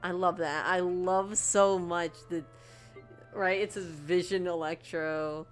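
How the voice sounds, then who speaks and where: A young woman streaming a game, gushing and stammering excitedly as she reacts to the story. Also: fairly low pitch, slow pace, soft background music. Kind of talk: casual game stream commentary.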